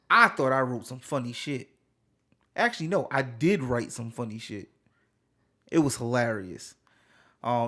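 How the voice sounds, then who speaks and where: A young man co-hosting a podcast, talking casually and animatedly, with loud bursts and laughs. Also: medium pitch. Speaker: podcast co-host. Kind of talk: casual chat.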